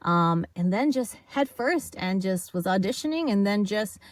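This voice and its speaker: Animated woman telling a story, dry sound. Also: mid-range voice, normal speed, dry recording. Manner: animated, acts out quoted voices, laughs often. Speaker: podcast guest, voice actor. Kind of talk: casual storytelling chat.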